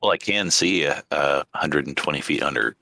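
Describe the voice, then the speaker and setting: Very deep gravelly-voiced man. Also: moderate pace, sharp tone, no echo. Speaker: player. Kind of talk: casual tabletop play.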